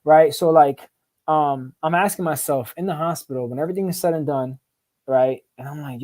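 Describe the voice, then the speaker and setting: A man whose voice is a little high and darkish in tone, speaking at normal speed, shares his life story on a podcast in a casual storytelling interview. Profane street slang fills his speech, along with repeated "right?" questions and words repeated in bursts.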